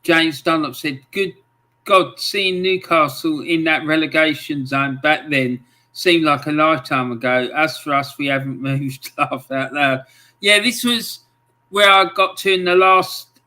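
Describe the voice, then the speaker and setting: A man's voice: on the high side, sharp tone. A man hosting a casual livestream, chatting in a friendly way and greeting viewers with lots of ums. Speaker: livestream host. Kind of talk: casual livestream chat, reading out viewer comments.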